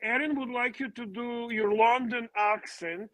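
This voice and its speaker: A man's voice: very high voice, steady tone, a little slow, a bit bright. A man co-hosting a casual livestream, playful and teasing. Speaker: livestream co-host.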